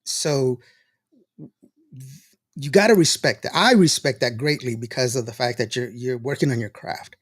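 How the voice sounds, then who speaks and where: A man's voice: medium pitch, normal speed, pauses often, no room sound, studio quality. A male show host in casual on-air chat who laughs often, reads out listener greetings and tells stories.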